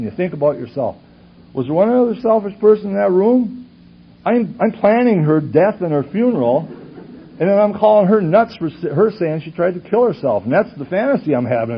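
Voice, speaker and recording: A man from Superior, Wisconsin gives a personal testimony at a recovery conference before an audience in a conference hall. His voice is on the high side and slightly rough, and he speaks earnestly, asking rhetorical questions as he swings from loud to hushed. The audio is a dull lo-fi tape recording with faint hiss.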